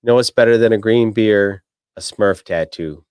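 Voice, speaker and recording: A man's voice: lowish voice, normal speed, a little mellow, clean tone, no echo. A man co-hosting a podcast, chatting casually and recapping a film with lots of swearing and joking. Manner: profane, joking, recaps plots. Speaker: podcast co-host. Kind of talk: casual chat.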